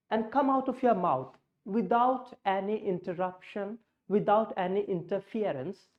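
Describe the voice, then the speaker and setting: A woman teaching pronunciation, slow and deliberate, repeating key words as she demonstrates sounds. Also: medium pitch, muffled recording. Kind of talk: spoken English lesson.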